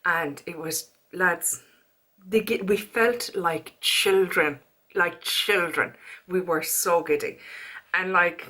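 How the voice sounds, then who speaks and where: A woman with an Irish accent chatting in a casual beauty haul vlog, animated and quick to go off on a rant. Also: on the low side. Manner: chatty, animated, prone to rants. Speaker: beauty vlogger.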